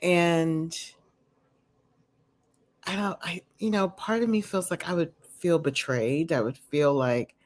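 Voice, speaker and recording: At home with a dog nearby, a woman vlogger casually recaps a reality show, rambling through lots of "you know" and "um" fillers while offering candid opinions. Her voice is fairly low and darkish in tone, and she speaks slowly with frequent pauses.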